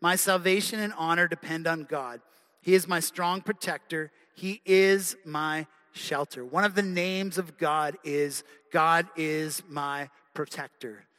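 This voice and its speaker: Guy preaching a sermon, kinda high bright voice, echoey church hall. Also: steady tone, unhurried. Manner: earnest, conversational preaching with restarts. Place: church sanctuary. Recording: long hall reverb.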